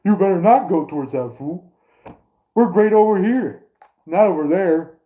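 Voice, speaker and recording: A man putting on a high, fake-sounding voice to play a bossy busybody who warns people away. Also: lively intonation, moderate pace, narrow, tinny audio. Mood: scolding.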